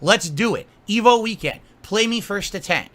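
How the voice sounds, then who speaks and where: A man's voice: sits high, expressive, moderate pace, fairly bright tone. A man delivering an angry, profane rant, scolding and mocking someone at length. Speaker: streamer.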